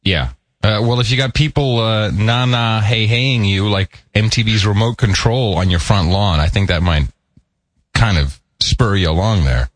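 A man from the United States co-hosting a casual chat, joking and animated, over an internet call. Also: fairly low pitch, normal speed, no room sound. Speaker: podcast co-host.

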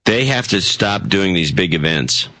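Deep-voiced rambling American man. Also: animated, measured pace, sharp tone, dry recording. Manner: rambling, with many restarts and fillers. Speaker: podcast co-host. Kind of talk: casual chat. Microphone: internet call.

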